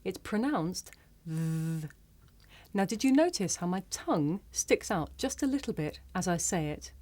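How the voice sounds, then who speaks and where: A woman with a British accent teaching English pronunciation, speaking clearly and deliberately, carefully over-articulating each sound. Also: fairly low pitch, lively intonation, mellow. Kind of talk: slow scripted pronunciation lesson.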